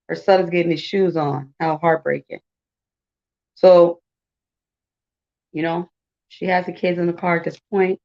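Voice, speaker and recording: A woman's voice: fairly low pitch, darkish tone, dull audio. A woman in her forties giving blunt, indignant casual commentary and talking straight to her viewers with frequent asides. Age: 40s. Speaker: commentary channel host.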